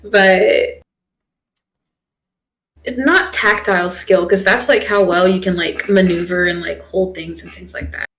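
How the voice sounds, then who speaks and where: A woman's voice: fairly low pitch, steady tone, measured pace, long pauses, a bit bright, rough recording. A young woman streamer chatting casually while she draws, rambling with lots of fillers. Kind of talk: casual chat while drawing.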